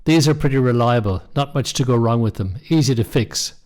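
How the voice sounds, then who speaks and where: A man's voice: mid-range voice, animated, brisk, a little mellow, close to an everyday voice. A man voicing a practical, plain-spoken young man in a storybook reading.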